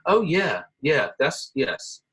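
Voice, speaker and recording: A man's voice: fairly high pitch, slow pace, breathy edge, low-quality recording. A middle-aged man, a guitarist, telling stories casually in an interview, acting out the voices of the people he quotes. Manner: animated storyteller, acts out quoted voices. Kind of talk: casual storytelling.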